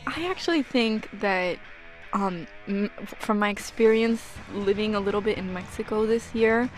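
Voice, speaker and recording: A woman's voice: mid-range voice, moderate pace. Chatty woman presenting music picks. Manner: enthusiastic, explains music and slang. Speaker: music radio co-host. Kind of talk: casual music chat.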